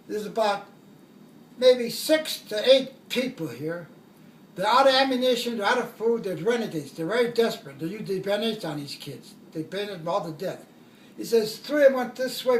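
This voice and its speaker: High-voiced old man telling war stories. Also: echoey room, distant mic, slight background noise. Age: older. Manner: rambling, self-correcting, chuckles at own jokes. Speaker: war veteran. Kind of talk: oral history storytelling.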